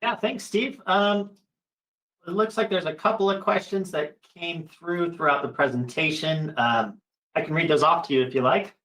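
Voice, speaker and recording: A man's voice: fairly high pitch, moderate pace, sharp tone, rough recording. A man moderating an online webinar, reading out questions in an upbeat way with hesitant fillers.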